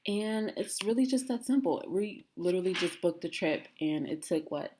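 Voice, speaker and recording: A woman's voice: fairly low pitch, expressive, moderate pace, a little mellow, a little hiss or hum. A woman in a casual screen-recorded tutorial, walking viewers through booking steps as a travel agent trainer. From United States. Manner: casual, talks to viewers as "guys". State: out of breath.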